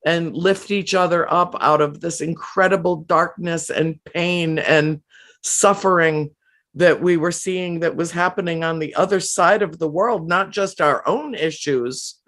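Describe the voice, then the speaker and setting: Woman interviewee, slow and heartfelt, stumbles and restarts as she shares a personal account. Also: lowish voice, a bit bright. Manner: emotional, halting with frequent restarts and fillers. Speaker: guest. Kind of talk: earnest personal storytelling.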